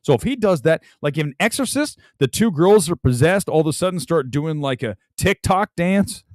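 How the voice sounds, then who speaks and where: A man hosting a movie talk livestream, ranting about films with loud outbursts and low mutters. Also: expressive, moderate pace, no echo, studio quality. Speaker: film critic show host. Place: home room with film boxes and jerseys.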